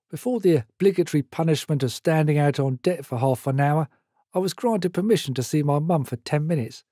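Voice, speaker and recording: An older man reading his own memoir aloud in a measured storytelling manner. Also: a little high, dark tone, slightly rough, no echo, studio quality. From Britain. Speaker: memoir author.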